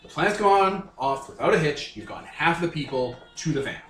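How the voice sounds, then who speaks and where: A man's voice: a little high, expressive, moderate pace, fairly bright tone. A man running a tabletop game as game master, narrating in a loose, casual way with many fillers. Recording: echoey room with faint music.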